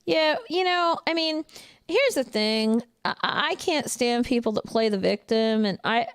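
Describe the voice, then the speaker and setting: Blunt gravelly woman trucker with a Jersey accent. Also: a little high, expressive, unhurried, no echo, studio quality. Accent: New Jersey. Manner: blunt, outspoken, laughs often. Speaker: truck driver and trainer. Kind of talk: casual livestream chat reading viewer comments.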